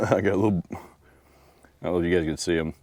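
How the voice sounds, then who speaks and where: Casting: easygoing man in an outdoor vlog, lowish voice, dry close sound, rambling chat. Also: steady tone, fairly quick, a little mellow, no room sound. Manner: laid-back, rambling, talks to his dog. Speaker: outdoor vlogger. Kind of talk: casual camping vlog talk. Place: outdoors at a lakeside campsite.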